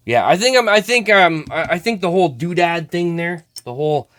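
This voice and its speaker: A man's voice: high voice, lively intonation, brisk, fairly bright tone. A man hosting a casual card-opening vlog, chatting to viewers as he sorts through cards. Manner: chatty, talks to viewers while sorting cards. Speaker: host.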